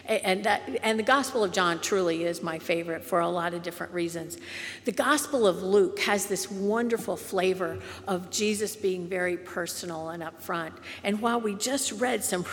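A woman pastor preaching a sermon slowly and gently, sometimes softening to a near whisper. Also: lowish voice, big-room sound. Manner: slow, gentle, drops to soft whispers on quoted lines.

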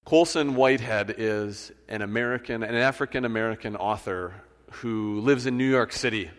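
A man's voice: lowish voice, normal speed. A male pastor preaching a sermon in a conversational storytelling manner, often restarting phrases. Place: church sanctuary. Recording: church hall reverb.

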